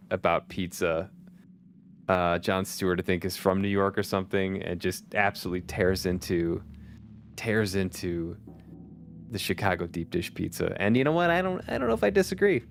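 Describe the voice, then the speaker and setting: Laid-back low-voiced man streaming a game. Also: slight background noise. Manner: chatty, laughs often, swears casually, reads chat aloud. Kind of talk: casual chat while gaming. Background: faint background music.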